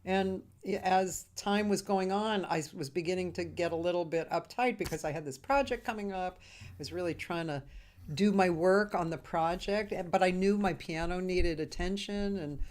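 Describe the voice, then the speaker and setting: A woman's voice: lowish voice, normal speed, darkish tone. A woman hosting a casual interview show, talking about herself in a rambling, chatty way with frequent laughter. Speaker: host. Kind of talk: casual chat.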